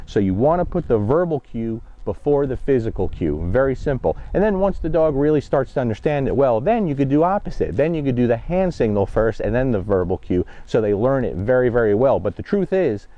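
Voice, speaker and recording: A blunt dog trainer from New Jersey, USA, coaches dog handling in an instructional vlog while training a dog, direct and conversational, constantly checking in with "okay?" and "guys." His voice sits in the mid range, captured on a dull, muffled lo-fi mic.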